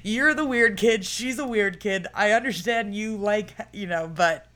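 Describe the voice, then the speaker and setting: A young woman in casual movie chat, animated and giggly, with lots of fillers. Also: mid-range voice, unhurried.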